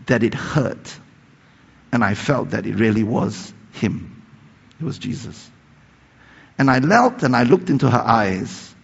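On a dull, lo-fi recording, a male preacher with a gravelly, husky, medium-pitched voice recounts a story in his sermon. He climbs to emphatic peaks, then falls to hushed tones, his words echoing with long reverb in a big hall.

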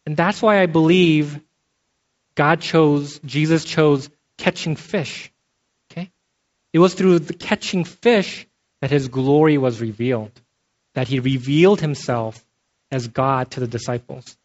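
A man gives a sermon in a relaxed, talky way, pausing now and then to ask his listeners "okay?" His voice sits a little high for a man. The recording is muffled and lo-fi. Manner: conversational, checks in with frequent "okay?". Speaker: pastor. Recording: dull lo-fi sound.

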